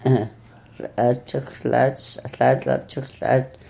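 A speaker on a radio language lesson who translates phrases slowly, pausing and searching for words. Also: medium pitch, level tone, gravelly, warm tone. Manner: slow, halting, searching for words.

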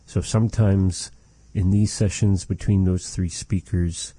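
A man's voice: low-pitched, level tone, dark tone, breathy edge, no echo. A man teaching phrases of a language in a patient, repetitive lesson. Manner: slow, patient, repeats phrases for practice.

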